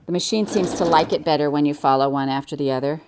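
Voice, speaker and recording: An older woman with a somewhat low voice talks her way through a quilting demonstration, chatty and cheerful. Her tone stays easy and enthusiastic as she explains each step. A sewing machine runs in the background. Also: fast talker, background noise. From United States. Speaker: quilting instructor.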